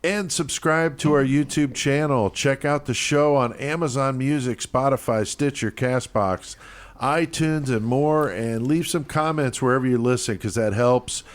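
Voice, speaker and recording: A man's voice: medium pitch, a little slow. A man co-hosting a podcast in casual chat, laid-back and profane, running through the show plugs. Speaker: podcast co-host.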